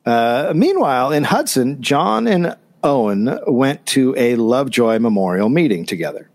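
A man's voice: mid-range voice, big pitch swings, unhurried, a little mellow. Sarcastic man reading history notes. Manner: reads notes, then riffs with dry sarcasm. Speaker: podcast co-host reading history. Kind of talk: casual comedic history podcast.

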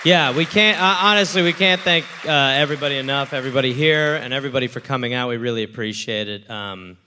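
Bright, forceful comedian man. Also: medium pitch, fast talker, a little hiss or hum. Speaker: podcast co-host. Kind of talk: live comedy podcast banter and ad read.

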